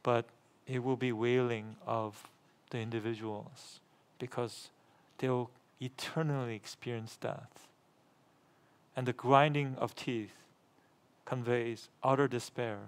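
A middle-aged pastor preaching a sermon, repeating phrases for emphasis and asking the congregation questions, rising in volume when he reads scripture. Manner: gets louder and higher when reading scripture aloud.

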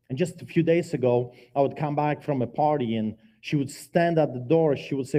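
A man with a dark, mellow voice preaches his testimony from a church pulpit. His storytelling is dramatic, with sudden emphatic rises and drops in loudness. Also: mid-range voice, brisk, hardly any pauses. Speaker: guest preacher giving testimony. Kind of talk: testimony sermon.

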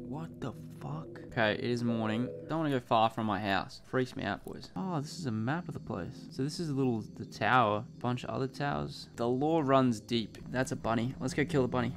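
A young man giving excitable, sweary let's-play commentary, quick to panic. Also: mid-range voice, gravelly, music in the background. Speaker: gaming YouTuber.

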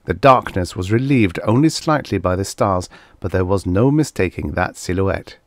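A man with a very low, deep voice reads a vintage science fiction story aloud in a measured, steady way. The sound is dry and close, with no room echo at all. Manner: measured, even reading. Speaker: audiobook narrator. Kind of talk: scripted story narration.

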